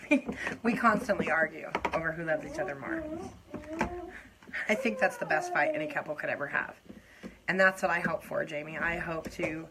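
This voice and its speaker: A young adult woman chatting openly to her viewers as she does her makeup on a live stream, confiding and laughing softly. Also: lowish voice, lively intonation, a little slow, pauses often, very noisy. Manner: warm, confiding, breaks into soft laughs. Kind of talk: casual heartfelt chat to viewers while doing makeup.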